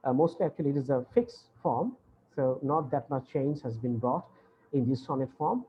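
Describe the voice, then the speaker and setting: A man's voice: medium pitch, normal speed, highs cut off, slight background noise. Man lecturing over a video call. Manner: explains patiently, repeating points with frequent "uh". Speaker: university English lecturer. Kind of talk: online lecture.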